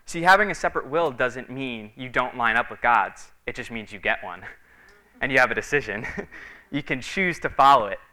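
A man's voice: mid-range voice, animated, moderate pace, sharp tone. A man preaching a sermon in a conversational, storytelling way, with frequent fillers, acting out the voices of the people in his stories.

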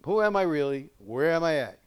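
Folksy older male preacher, slightly high. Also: big pitch swings, brisk, smooth. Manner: folksy, chuckling, asks the audience questions. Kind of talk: conversational sermon.

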